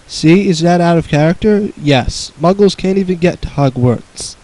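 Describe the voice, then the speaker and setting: A man's voice: a little high, normal speed, few pauses, dark tone, low-quality recording. A young man reading a bad fan story aloud with sarcastic, mocking asides. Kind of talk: comedic dramatic reading with commentary.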